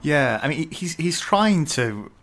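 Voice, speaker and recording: A man's voice: fairly high pitch, sing-song, a little slow, a bit bright. A young man co-hosting a casual podcast chat about a book, laughing often and hesitating with fillers. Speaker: podcast co-host.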